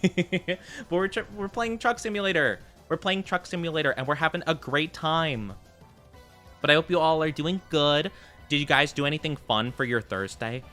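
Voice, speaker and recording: Bright, playful male streamer. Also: a little high, soft background music. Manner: playful, chatty, quick to laugh. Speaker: VTuber streamer. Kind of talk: casual live-stream chat with viewers.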